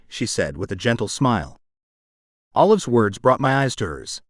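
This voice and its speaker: A man narrating a romance audiobook in the first person, with an emotional, expressive reading. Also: medium pitch, normal speed, no echo, clean studio sound.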